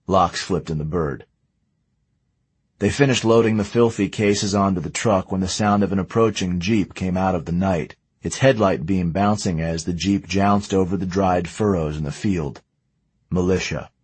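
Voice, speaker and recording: A man reading a story aloud in a measured, steady way. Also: low-pitched, slightly rough, no room sound. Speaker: audiobook narrator. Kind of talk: scripted narration.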